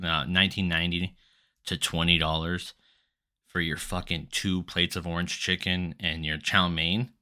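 A young man hosting a casual solo podcast, ranting and cursing, his voice swinging between mumbled asides and loud outbursts. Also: low-pitched. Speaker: podcast host.

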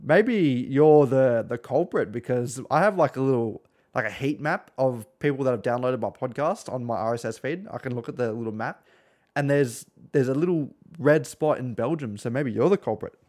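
A man's voice: medium pitch, expressive, moderate pace, darkish tone. A man with an Australian accent hosts a casual podcast. He rambles through asides and swears freely. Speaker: podcast host.

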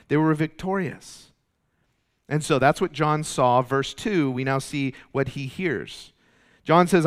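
Guy preaching a sermon, kinda high voice, emphatic, repeats himself when he's pushing a point. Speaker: pastor.

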